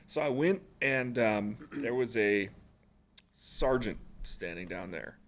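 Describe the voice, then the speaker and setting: A man's voice: lowish voice, expressive, takes it slowly, gravelly. A man, a former Marine, telling stories on a podcast in a casual, profane, blunt way and laughing along the way. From Alaska. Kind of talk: casual storytelling.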